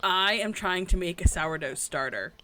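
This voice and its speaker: A woman's voice: on the low side, lively intonation, normal speed, sharp tone. A woman co-hosting a podcast in casual chat, rambling and chatty with lots of fillers. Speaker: podcast co-host.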